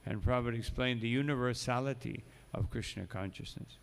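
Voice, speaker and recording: A man's voice: mid-range voice, brisk, gravelly. A man giving a morning sermon as a monk, telling stories and breaking in with asides. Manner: storytelling, reads passages aloud then adds asides. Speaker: monk lecturer. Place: temple hall. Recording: long echoing hall.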